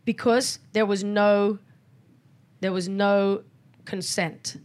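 A woman's voice: mid-range voice, fairly even intonation, takes it slowly, a little mellow. A middle-aged woman, a podcast guest talking candidly and acting out quoted exchanges in a casual interview.

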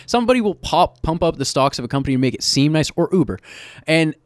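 Man, casual podcast co-host, slightly higher voice, rambling jokey delivery, dead dry close mic. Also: animated, fast, dry recording. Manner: rambling, swearing, joking. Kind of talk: casual comedic chat. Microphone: close studio mic.

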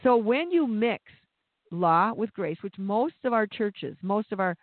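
High-voiced man preaching over a tinny line. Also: lively intonation, a little slow, dry recording. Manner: impassioned, repeats words when stirred. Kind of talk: sermon. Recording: dry, phone-like narrow sound.

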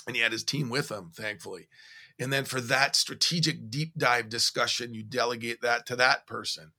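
A man co-hosting a podcast, telling stories in a casual, animated way. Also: medium pitch, moderate pace. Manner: animated storyteller, recounting conversations. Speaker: podcast co-host.

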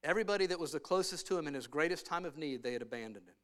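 A man preaching a sermon in a church, talking in a conversational way that swings between hushed and loud, emphatic stretches. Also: a little high, expressive, rapid-fire. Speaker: pastor. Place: church sanctuary.

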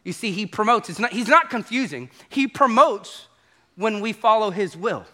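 A man preaching a sermon to a congregation as pastor, animated and acting out quoted voices. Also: high-pitched, normal speed.

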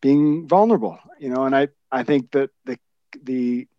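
A man hosts a podcast and reflects thoughtfully on his guest's stories, often restarting his sentences. His mid-pitched voice comes through dull and lo-fi, with a dry close sound. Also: normal speed, no echo. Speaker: podcast host. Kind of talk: conversational interview.

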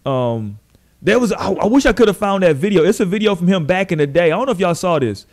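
A male podcast host with a voice pitched a little high. He tells stories in loose, profane, animated chat. He slips into quick impressions of the people he talks about.

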